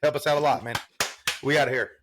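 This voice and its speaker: A man's voice: mid-range voice, quick pace, background noise. A man co-hosting a sports podcast, chatting loosely and casually with plenty of swearing. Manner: loose, profane, laid-back banter. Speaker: podcast co-host.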